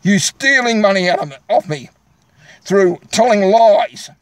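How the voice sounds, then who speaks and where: Angry Australian man ranting, high voice. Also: animated, a little slow, smooth, no room sound. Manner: angry, combative, repetitive. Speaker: vlogger. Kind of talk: angry direct-to-camera rant.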